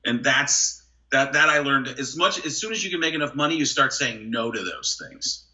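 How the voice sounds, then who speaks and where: A male comedian and impressionist chatting on a podcast, lively and quick to slip into impressions. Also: medium pitch, muffled recording. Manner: animated, jumps into brief celebrity impressions. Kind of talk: casual podcast chat with quick impression demos.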